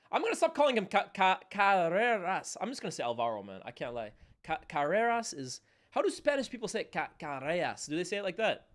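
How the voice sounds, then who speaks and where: A young man from Canada talks through a live football watchalong stream in a slightly raised voice. He chats loosely in slang, jumps to loud reactions, then drops to low muttered asides. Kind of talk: live match watchalong commentary.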